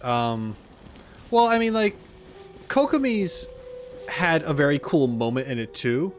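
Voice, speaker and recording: A man's voice: on the high side, big pitch swings, unhurried, soft background music. A man commenting casually on a video game as he plays, rambling with frequent restarts. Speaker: gaming streamer. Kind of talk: casual let's-play commentary.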